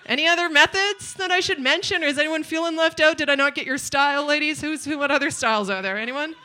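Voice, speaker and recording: Bright-voiced woman telling a comic story on stage. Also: high voice, quick pace. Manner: rambling, self-mocking, with chatty asides to the crowd. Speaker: storyteller at a live show. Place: stage at a live venue.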